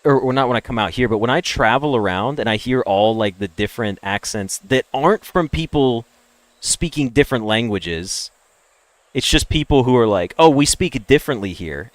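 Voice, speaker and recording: A young American man chatting with viewers on a game stream, ranting and opinionated, jumping from loud emphatic bursts to low mutters. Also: animated, normal speed, no echo. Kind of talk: casual chat with stream viewers.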